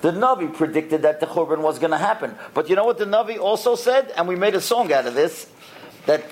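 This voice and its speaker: A man teaching a lesson to boys and adults, telling stories with lively acted-out quotes and asking the listeners questions. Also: fairly high pitch, brisk. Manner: lively, acts out the quoted characters, quizzes the listeners. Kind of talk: animated storytelling lesson with questions to the audience.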